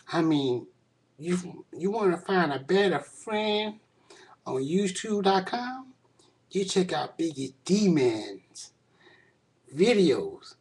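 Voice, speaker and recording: A man speaks in an unhurried, drawn-out way as he records a casual video reply into his webcam microphone. He repeats his praise again and again and keeps ending lines with "man," which gives the message a loose, rambling feel. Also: sits high. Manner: effusive, repetitive praise, often ending phrases with "man". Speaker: video blogger.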